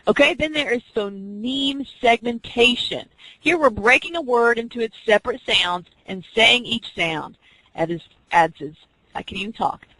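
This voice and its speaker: A woman's voice: fairly high pitch, normal speed, pushed and bright, dry recording, poor audio. A woman teaching an online class, explaining reading skills step by step and acting out teacher and student examples. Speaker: teacher educator.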